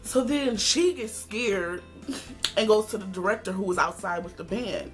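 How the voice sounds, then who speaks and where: A woman vlogger tells a story straight to the camera, animated and sassy, and acts out every quote. Her voice sits at a middle pitch. Faint music plays underneath. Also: measured pace. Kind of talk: casual storytime vlog.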